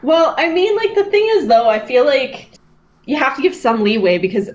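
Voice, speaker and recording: A woman with a Canadian accent, co-hosting a podcast and telling stories in an animated way, full of "like" and casual swearing. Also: sits high, normal speed. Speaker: podcast co-host. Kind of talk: casual storytelling.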